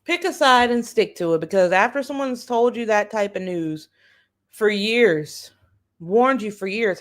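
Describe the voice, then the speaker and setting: This livestream host is a woman whose medium-pitched voice sounds animated and keeps a measured pace. She gives sarcastic, profane, blunt takes on politics, often repeating phrases for emphasis.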